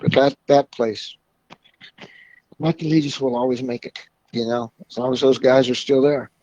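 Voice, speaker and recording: A man's voice: mid-range voice, fairly even intonation, moderate pace, warm tone, dry recording, muffled recording. A man guest from a car club telling folksy stories in a casual way, often laughing at his own tales. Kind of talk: casual storytelling.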